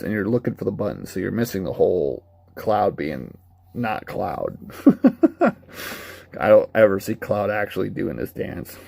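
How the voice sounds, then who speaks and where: A man's voice: lowish voice, gravelly, darkish tone, dry recording. A man giving a casual, rambling, candid spoken review of a video game. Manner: rambling, candid, laughs at his own retellings.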